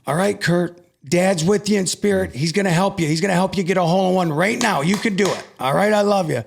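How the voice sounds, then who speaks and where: A man doing his older mother in a high, eager voice. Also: fast, gravelly, a little hiss or hum. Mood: encouraging. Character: excited encouraging older mother urging her son.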